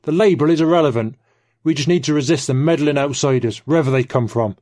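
A man's voice: on the high side, fast talker, lightly acted. A man voicing a blunt, contemptuous middle-aged man who talks curtly and dismissively. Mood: scornful. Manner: curt, dismissive, forceful.

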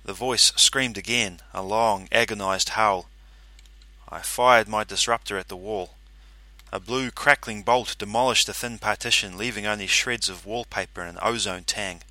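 A man's voice: on the low side, fairly even intonation, normal speed, sharp tone, no echo. A man reading a first-person story aloud, in a dry, matter-of-fact narrating manner.

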